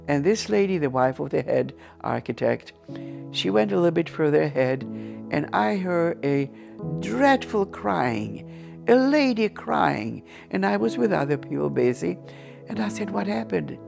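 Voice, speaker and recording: A woman's voice: fairly low pitch, unhurried, creaky, over music. An older woman from Ukraine with a Ukrainian accent, telling her life story earnestly as an interview guest. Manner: earnest, animated storyteller with frequent restarts. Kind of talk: personal testimony storytelling.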